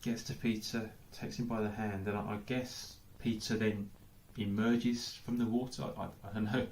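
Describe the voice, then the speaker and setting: A man's voice: on the low side, little pitch movement, moderate pace, darkish tone, a little hiss or hum. An English man giving a sermon as pastor, thinking aloud with lots of questions and repeated "I don't know"s. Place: church hall. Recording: echoey church hall.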